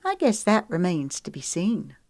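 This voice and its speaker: A woman's voice: lowish voice, sing-song, normal speed, darkish tone, no room sound, clean studio sound. Woman voicing Lexi, wry young woman. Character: guarded young woman, reality show contestant.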